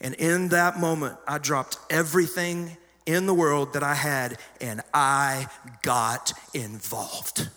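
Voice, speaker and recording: A middle-aged pastor preaching a sermon, telling stories conversationally with sudden loud emphasis. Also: male voice, fairly high pitch, steady tone, slow pace. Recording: long hall reverb.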